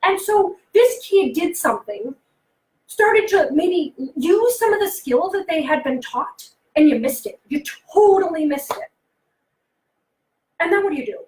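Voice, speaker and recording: A woman coaching parents in a casual, animated talk, often acting out what kids say and asking the listener questions. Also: very high-pitched, a little slow, reverberant, rough recording. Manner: animated, acts out kids' voices, asks the listener questions. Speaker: behavioral consultant and life coach.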